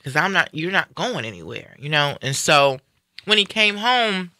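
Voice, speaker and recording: A man in a casual live-stream conversation, retelling a personal story in an animated way and acting out what people said. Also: fairly high pitch, normal speed, no room sound, studio quality. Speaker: guest sharing a personal story.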